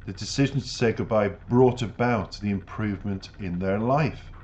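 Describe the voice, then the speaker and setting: A man's voice: on the low side, moderate pace, darkish tone. A man hosting a music reaction channel, giving reflective commentary and earnest, emphatic life advice. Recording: dull lo-fi audio with faint noise.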